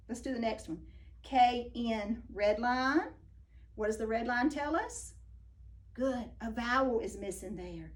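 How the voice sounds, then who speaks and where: A woman teaching a phonics lesson to young children, speaking slowly and praising each answer. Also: on the high side, a little mellow, far from the mic.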